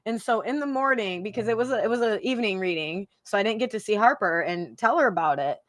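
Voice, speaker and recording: A woman's voice: mid-range voice, lively intonation, fast talker, a bit bright, no echo, studio quality. A woman from Michigan, a psychic hosting a live stream, chatting casually and emotionally, laughing often and repeating herself.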